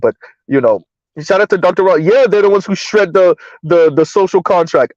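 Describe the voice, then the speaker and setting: A man's voice: high-pitched, moderate pace, a little mellow, dry recording, highs cut off. A man hosting a casual commentary show, talking in a blunt, sarcastic, rambling way.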